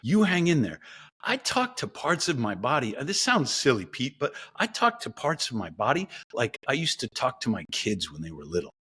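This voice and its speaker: A middle-aged male guest with a very lively, up-and-down voice at an ordinary pitch. He tells stories animatedly and slips into the pep talks he gives himself. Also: fairly quick, hardly any pauses, slightly rough. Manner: animated storyteller, acts out his own pep talks. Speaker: guest scientist. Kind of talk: podcast interview.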